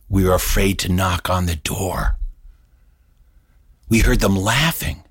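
A middle-aged man telling a story in an animated way, acting out voices and sound effects. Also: deep voice, unhurried, pauses often, husky, dry recording, studio quality. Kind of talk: storytelling performance.

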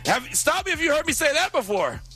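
Bright-voiced joking sports radio host. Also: male voice, very high-pitched, big pitch swings, a little fast, soft background music. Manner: joking, self-mocking, reads scores in a sing-song. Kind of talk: casual sports radio banter.

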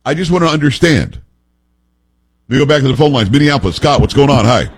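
A man hosting a call-in talk radio show, telling stories in an emphatic, animated way. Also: medium pitch, quick pace, slightly rough.

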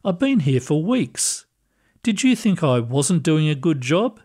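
A man voicing a gentle older woman, a retired cleaner, who speaks softly and sounds bewildered. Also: on the high side, big pitch swings, unhurried. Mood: wondering. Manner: soft, wondering, bewildered.

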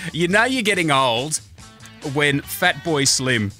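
Lively Australian radio breakfast host. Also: male voice, on the high side, slow, faint music behind. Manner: chatty, upbeat, reading out birthday greetings. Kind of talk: radio breakfast show patter.

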